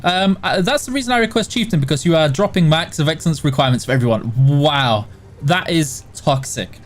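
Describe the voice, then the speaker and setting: A man's voice: on the high side, lively intonation, fairly quick. A man from the Yorkshire border area with a mild Yorkshire accent, hosting a live stream and answering chat in a casual, matter-of-fact way. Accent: mild Yorkshire English. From West and South Yorkshire border, England. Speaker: stream host reading chat.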